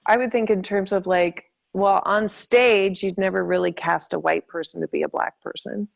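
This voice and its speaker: A woman's voice: medium pitch, fairly even intonation, normal speed, creaky. A woman in casual conversation, talking reflectively and hesitantly as she searches for her words.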